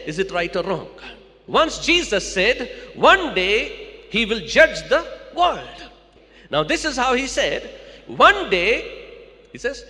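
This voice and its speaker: A man's voice: extremely high pitch, sharp tone, long reverb tail. A man preaching a sermon to a church, repeating key lines and calling out to the congregation.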